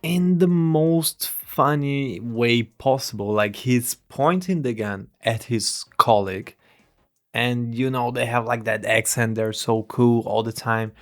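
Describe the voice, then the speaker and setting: A man's voice: medium pitch, takes it slowly. A man giving a rambling, irreverent movie review, swearing and restarting his sentences.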